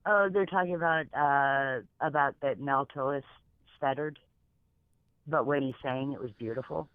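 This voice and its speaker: A man's voice: mid-range voice, normal speed, no room sound. A man co-hosting a casual talk show, easygoing and agreeable, heard over a phone line. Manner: easygoing, agreeable, chuckling along. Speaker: co-host.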